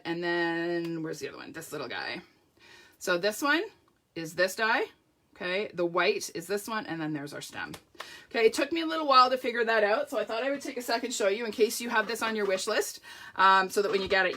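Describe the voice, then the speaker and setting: A woman talks through a live craft demonstration in casual, gushing chat, greeting viewers by name as she goes. Her voice is bright and crisp, at a middle pitch. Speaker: paper-craft demonstrator hosting a live launch party.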